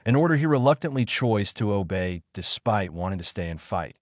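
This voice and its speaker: Cocky teen ninja guy, read by a man, deep-ish and dry. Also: animated, fairly quick, no room sound, natural voice. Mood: confident. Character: brash teen male ninja, self-assured.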